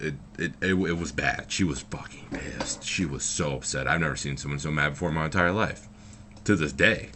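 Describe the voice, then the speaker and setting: A man's voice: a bass voice, pushed and bright, a little hiss or hum. A young man telling a story from his own life in a loose, rambling way, full of fillers and swearing. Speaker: vlogger. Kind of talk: casual storytelling.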